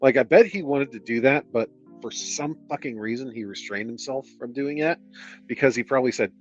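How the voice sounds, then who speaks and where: A man's voice: mid-range voice, a little fast, dull audio, faint music behind. A man reading a book aloud on stream, breaking off into sarcastic, exasperated commentary full of swearing.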